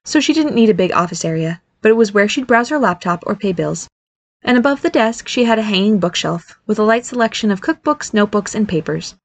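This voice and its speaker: A woman narrating a story as an audiobook reader, expressive and voicing the characters as she goes. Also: mid-range voice, fairly quick. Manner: expressive, does character voices.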